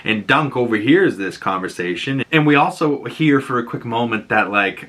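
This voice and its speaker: A man hosting a podcast, recapping a TV episode in a casual, animated way with asides. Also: fairly low pitch, normal speed, hardly any pauses. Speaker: podcast host.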